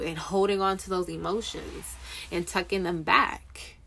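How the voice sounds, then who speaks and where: A young woman talks about faith in a loose, earnest way, stopping to fix her words and filling gaps with "you know." Her voice sits a little low for a woman, and she leans warmly into her points. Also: steady tone, unhurried, vocal fry. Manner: earnest, rambling, self-correcting with fillers. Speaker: Christian encourager speaking to waiting spouses. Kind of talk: casual faith talk.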